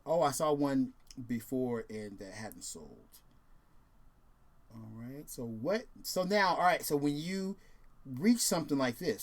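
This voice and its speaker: A man's voice: medium pitch, expressive, unhurried. A man hosting a casual video and talking in a rambling, laid-back way, full of fillers and restarts. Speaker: host.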